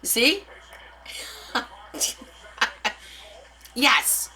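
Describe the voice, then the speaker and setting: A woman's voice: a little high, sing-song, extremely slow, pushed and bright, a little hiss or hum, low-quality recording. A woman hosting a live craft stream, chatting casually with her viewers and answering their comments as she demonstrates. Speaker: craft livestream host.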